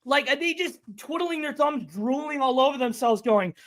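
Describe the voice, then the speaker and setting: A man's voice: extremely high pitch, lively intonation, normal speed, a bit bright. A man co-hosting a sports podcast, delivering an exasperated, profane rant. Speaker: podcast co-host.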